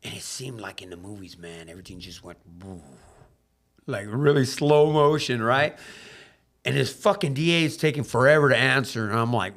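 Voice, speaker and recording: A man appearing as a podcast guest tells his life story at a fairly quick clip, animated and casual, cursing freely and doing the voices of people he describes. At emotional moments he drops low and quiet.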